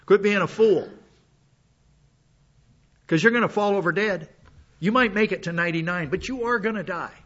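Here the pastor's voice is high and a bit bright, at a normal speed with frequent pauses. He preaches a folksy, conversational sermon full of asides despite a cough from being sick, captured in dull, lo-fi sound.

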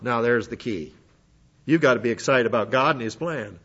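In this lo-fi recording, a man with a mid-range, slightly bright voice speaks a little quickly as he teaches a Bible lesson in sermon style. He methodically works through lists of Greek words, often restarting as he goes.

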